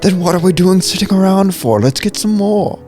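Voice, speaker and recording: A man putting on a pompous posh gentleman. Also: high voice, normal speed, faint music behind, pitched above the performer's own voice, lightly acted. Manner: exaggerated upper-class affectation. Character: pompous posh English gentleman, male, adult.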